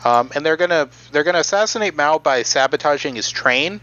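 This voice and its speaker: A man's voice: fairly high pitch, lively intonation, a little fast, pushed and bright, muffled recording. A young man on a casual podcast, recounting history with many fillers and restarts. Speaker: podcast co-host presenting the history.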